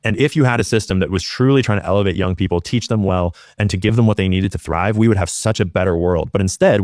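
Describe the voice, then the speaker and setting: Fast-talking deep-voiced young man. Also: darkish tone, dry recording, studio quality. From Washington State, USA. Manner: intense, fast, profane. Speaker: podcast guest. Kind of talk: interview conversation.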